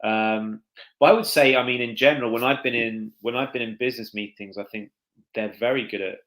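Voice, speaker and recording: A man who is the guest consultant on a live chat show, answering in a measured, slightly hesitant way. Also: mid-range voice, steady tone, a bit bright, rough recording.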